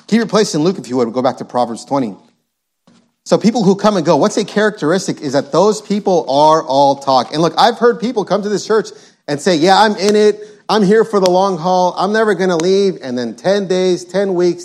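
A male preacher delivering an emphatic sermon, reading scripture and driving points home by repeating them. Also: on the high side. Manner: emphatic, repetitive, quotes scripture.

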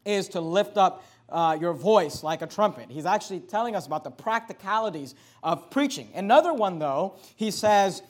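A male pastor preaches with a high voice. He rises to loud, emphatic declarations, then drops to quieter lines to draw attention. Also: lively intonation, normal speed, few pauses. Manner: dynamic preaching, shifts between loud emphasis and quiet asides. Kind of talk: sermon.

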